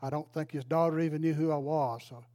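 A man's voice: fairly high pitch, fairly even intonation, fast, mellow. An older man, a retired pastor, telling a folksy, emotional story in a sermon. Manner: folksy, emotional, exclaims praise.

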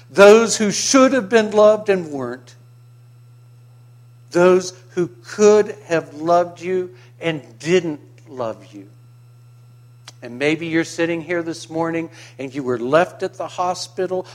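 A male pastor with a fairly high voice, preaching slowly and deliberately. He swings between hushed, tender passages and loud, fervent declarations, often throwing rhetorical questions out to the congregation. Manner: impassioned, swings from quiet to loud. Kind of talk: sermon.

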